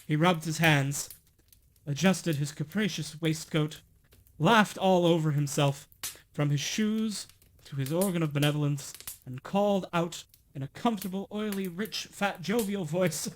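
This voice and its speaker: A man reading a classic storybook aloud on a stream, expressive and now and then stumbling and correcting himself. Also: a little high, moderate pace.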